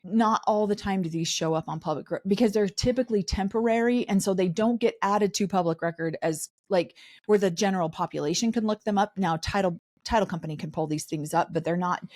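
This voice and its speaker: A woman with a lowish voice speaks briskly as a podcast co-host, recapping a reality show in casual chat. She is animated and mocks the people she discusses with impressions of them. She was raised in a polygamous community.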